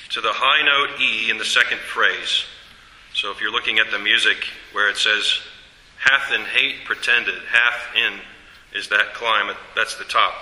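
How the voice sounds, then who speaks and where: A man teaching a class about a hymn tune, explaining in a measured way with fillers and self-corrections. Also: lowish voice, bright, forceful tone, echoey room, in a large hall, rough recording. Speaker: teacher presenting a hymn study.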